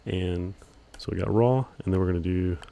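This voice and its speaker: A man with a very low voice walks through a software tutorial in an even monotone. He fills pauses with ums and keeps a relaxed, steady delivery as he explains each click. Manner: calls his own voice monotone, relaxed, many ums. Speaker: video editing instructor. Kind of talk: screen-recorded software tutorial.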